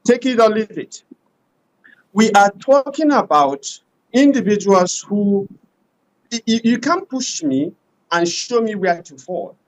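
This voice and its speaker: Forceful man with lively pitch. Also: measured pace, rough recording. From Nigeria. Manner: forceful, argumentative. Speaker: panel guest. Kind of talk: panel debate.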